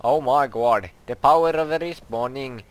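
A young man, commenting on his own video game play, who gets excitable and yelps and shrieks when startled. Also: mid-range voice, a little slow, no echo. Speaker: gaming YouTuber.

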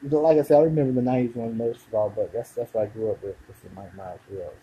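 A man's voice: mid-range voice, steady tone, fast talker, warm tone, breathy edge, lo-fi sound. A man in his thirties talking casually to camera, rambling and forgetful, often trailing off and starting over. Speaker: video blogger.

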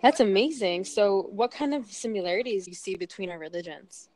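A woman hosting a podcast interview, enthusiastic and quick to praise her guest in a casual conversational way. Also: mid-range voice, expressive, darkish tone, no room sound, rough recording. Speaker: podcast host.

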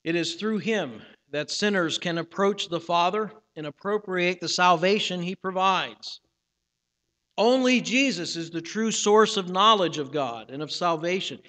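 High-voiced pastor preaching in reverberant church. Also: male voice, sharp tone. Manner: measured preaching with slowed emphatic phrases; restarts and fillers. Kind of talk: sermon. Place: church sanctuary. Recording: church hall with long reverb.

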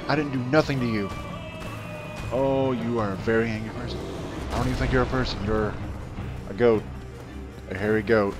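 A man's voice: mid-range voice, steady tone, normal speed, long pauses. A man commenting on his own gameplay, rambling between asides and trash-talking the enemies he fights. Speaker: let's play gamer. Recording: game music underneath. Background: game music.

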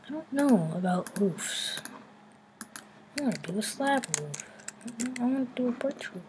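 A woman chatting casually while building in a game, playful and silly, rambling to herself and sometimes dropping into soft murmurs. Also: on the high side, expressive, a little slow, a little hiss or hum. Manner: drops into soft murmurs and whispers. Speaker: Minecraft builder. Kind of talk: casual gameplay commentary. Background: background music and keyboard clicks.

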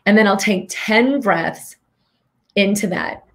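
A woman's voice: mid-range voice, slow pace, fairly bright tone. A woman hosting a motivational health talk, earnest and coaching, guiding the listener through breathing questions. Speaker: host, physician and healing coach.

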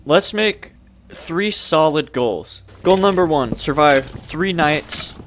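A man's voice: on the high side, lively intonation, takes it slowly, fairly bright tone, a little hiss or hum. A young man commentating his own horror gameplay, jumpy and swearing, with panicky outbursts. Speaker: gaming youtuber.

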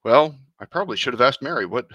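Bright-voiced man presenting, halting and restarting. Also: medium pitch, no echo. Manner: halting, many fillers and repeated restarts. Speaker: presenter at a user group webinar. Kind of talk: live software demo, thinking aloud.

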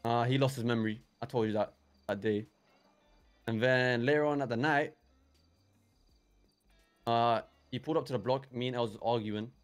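With a medium-pitched, steady voice at a normal pace, a young man tells events in character during a roleplay, pausing often as faint music plays behind him. His delivery rambles, hesitates, and keeps restarting with plenty of fillers.

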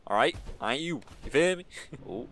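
A young man giving excited, slangy commentary while playing a shooter game, swinging from low mutters to sudden yelps. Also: moderate pace. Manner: hyped, slangy, jumps from mumbling to sudden yelps. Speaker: gaming YouTuber.

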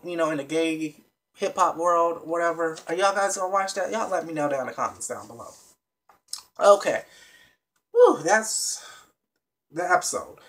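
A vlogger recapping a reality TV episode in a casual, animated and blunt way, with plenty of swearing, talking straight to the viewers. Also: mid-range voice. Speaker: TV show reviewer.

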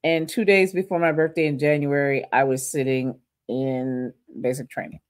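A woman's voice: extremely low pitch, normal speed. A middle-aged woman from Louisiana, a podcast guest telling her story and acting out the quotes. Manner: animated storyteller, acts out quotes.

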